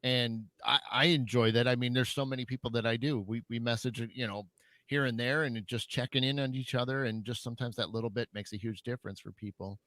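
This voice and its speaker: A man's voice: medium pitch, steady tone, fairly quick, a bit bright, no echo. Man, radio talk host, hesitant, stammering, restarts phrases, dry close mic. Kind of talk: casual radio conversation.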